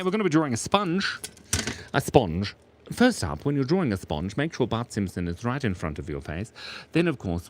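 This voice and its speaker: A man with an Australian accent, casually chatting and joking with his chat while he draws. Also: lowish voice. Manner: playful, jokey, reads chat aloud and laughs often. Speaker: streamer drawing live for chat. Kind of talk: casual live drawing stream.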